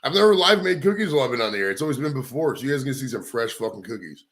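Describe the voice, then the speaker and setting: A man's voice: mid-range voice, animated, rapid-fire, fairly bright tone. A man hosting a live stream, chatting casually in a crude, rambling, profane way. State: out of breath. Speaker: livestream host.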